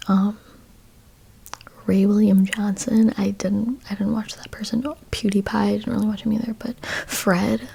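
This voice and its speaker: A woman's voice: medium pitch, creaky, mellow, husky. A woman in her twenties whispering a rambling chat ASMR video, full of fillers and "like"s, in a whispered role-play style. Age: 20s. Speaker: ASMR YouTuber.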